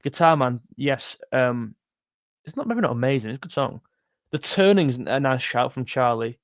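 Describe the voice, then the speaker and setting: A man's voice: medium pitch, expressive, normal speed, no room sound, clean studio sound. A young man hosting a livestream, reading viewer comments in a chatty, jokey way and calling people mate. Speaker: music channel host reading live chat. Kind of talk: casual livestream chat.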